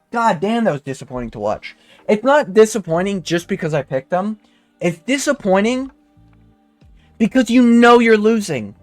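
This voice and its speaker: A young man ranting with frustration and heavy swearing as he breaks down a fight card in casual chat. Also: very high-pitched. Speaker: MMA commentator.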